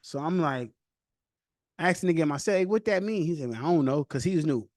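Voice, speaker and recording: A man's voice: on the high side, quick pace, no room sound, clean studio sound. Slang-heavy man telling a story. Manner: loose street slang, animated retelling. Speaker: podcast host telling his own story. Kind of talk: casual storytelling.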